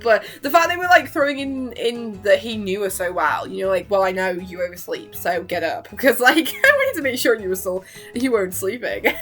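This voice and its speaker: A woman's voice: mid-range voice, animated, normal speed, a bit bright, faint music behind. A young woman vlogger chatting casually and rambling, gushing and giggling as she acts out quotes. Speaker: reaction vlogger.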